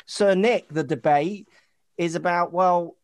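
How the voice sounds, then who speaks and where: A man's voice: high voice, slow. A British man from the United Kingdom, co-hosting a casual golf chat with a rambling, joking manner. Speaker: podcast co-host.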